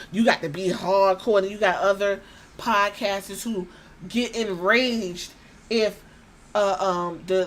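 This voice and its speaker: A woman's voice: medium pitch, a little hiss or hum. A young adult woman hosting a podcast, ranting bluntly with profanity and slipping into mocking impressions. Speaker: podcast host. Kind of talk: casual opinion rant.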